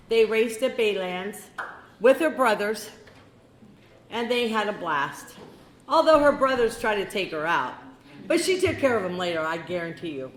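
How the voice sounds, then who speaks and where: An older woman giving a heartfelt eulogy at a memorial gathering, reminiscing slowly and breaking into laughs. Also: medium pitch, a bit bright. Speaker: eulogy speaker. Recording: echoey hall with faint ambience.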